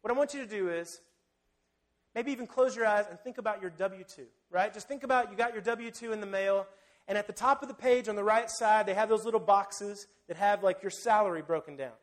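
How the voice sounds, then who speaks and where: High-pitched male preacher, relaxed conversational sermon delivery. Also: a little fast. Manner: conversational and animated, addressing listeners directly.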